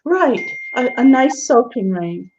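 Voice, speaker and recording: A woman's voice: on the high side, expressive, slow pace, darkish tone, a little hiss or hum. A woman hosting a live online show, chatting casually and laughing often. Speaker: host. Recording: dull lo-fi web stream audio.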